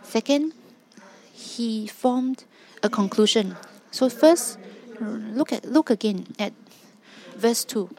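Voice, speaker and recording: A woman's voice: fairly high pitch, takes it slowly, mellow. A woman preaching a sermon, emphatic and driving points home with repeated rhetorical questions.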